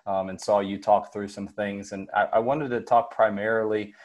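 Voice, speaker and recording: A man hosting a basketball coaching podcast, setting up his questions with steady, organized lead-ins. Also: fairly low pitch, normal speed. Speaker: podcast host. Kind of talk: interview questions.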